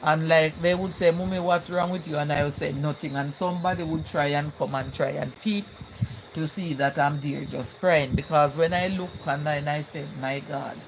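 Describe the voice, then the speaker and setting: A woman's voice: low voice, fairly even intonation, moderate pace, low-quality recording. An older woman with a Jamaican accent chats on a live stream, reading out viewer comments and speaking in a heartfelt, repetitive way. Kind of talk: casual live-stream chat. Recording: noticeable background noise.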